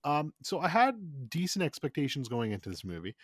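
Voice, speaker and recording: A man's voice: fairly high pitch, big pitch swings, fairly quick, slightly rough, dry recording, clean studio sound. A man co-hosting a podcast in casual chat, talking enthusiastically and profanely, rambling with lots of fillers. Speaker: podcast co-host.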